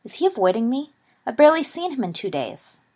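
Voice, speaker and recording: A woman reading the part of a sharp-tongued, demanding teenage girl who snaps. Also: mid-range voice, lively intonation, fairly quick, close to an everyday voice. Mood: snapping. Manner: snappish.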